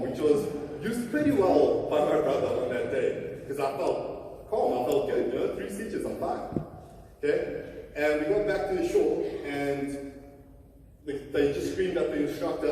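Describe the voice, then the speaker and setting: A South African man in his thirties, a motivational speaker telling a humorous personal story to a conference audience, often turning to the crowd with "okay?" and "ladies and gentlemen". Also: a little high, unhurried, slight background noise. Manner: animated, humorous, addresses audience directly. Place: large conference hall. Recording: roomy hall from far off.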